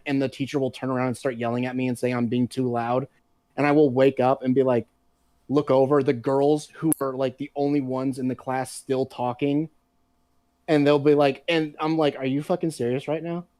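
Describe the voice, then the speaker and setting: A man chatting casually on a podcast, telling animated, profanity-laced stories. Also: mid-range voice, brisk, no echo, clean studio sound. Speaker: podcast co-host. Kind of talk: casual chat.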